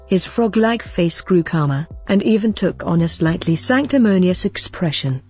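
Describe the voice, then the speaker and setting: A woman reading a novel aloud as an audiobook narrator, in a measured, even manner. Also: fairly low pitch, slightly rough, faint music behind. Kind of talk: scripted narration.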